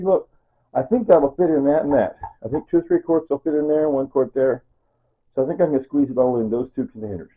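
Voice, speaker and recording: A middle-aged man from Kansas, USA chats casually in his home cooking vlog, wandering into asides and tossing in "right?" and "see?" along the way. His voice is husky, medium-pitched and brisk. The sound is tinny, like a phone.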